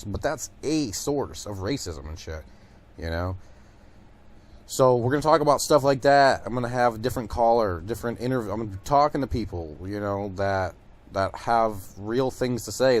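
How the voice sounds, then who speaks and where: Give me a young man from Detroit hosting his show, rambling and swearing through his stories. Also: lowish voice. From Detroit, USA. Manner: profane, rambling storytelling with many fillers. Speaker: podcast host. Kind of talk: casual monologue.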